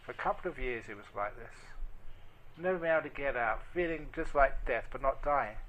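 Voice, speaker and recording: A man giving a storytelling dharma talk as a monk, speaking gently and dropping to a near whisper at tender moments. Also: medium pitch, lively intonation, brisk, slight background noise, low-quality recording. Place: meditation group hall.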